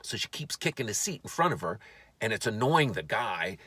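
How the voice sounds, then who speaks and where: A man, a comedian, telling a story for laughs in an animated, profane way, often stammering and restarting. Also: on the low side, normal speed, slight background noise.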